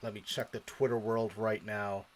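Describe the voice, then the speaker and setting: A man's voice: on the low side, level tone, normal speed. A man co-hosting a live sports stream, casually chatting and acting out his own past reactions as he tells a story, laughing often. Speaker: co-host of a sports show.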